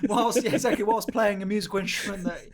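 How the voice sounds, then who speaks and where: A comedian guest speaking in a high voice, relaxed and self-deprecating. He tends to drop his voice and trail off at the ends of his thoughts. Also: quick pace, over a noisy crowd. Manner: laid-back, self-deprecating, trails off softly. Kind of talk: casual chat.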